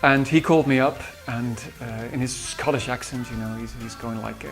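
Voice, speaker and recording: In this interview reminiscence, a Dutch man who composes music talks about his singers, hesitating frequently with fillers and false starts. His voice is medium in pitch and steady, and he speaks briskly with few pauses. Guitar music can be faintly heard behind him.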